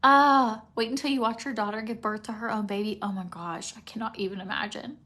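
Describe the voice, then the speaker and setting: This makeup vlogger, about forty, talks quickly in a steady, mid-range voice as she does her makeup at home. She's emotional and close to tears, rambling casually and occasionally dropping to a hushed near-whisper.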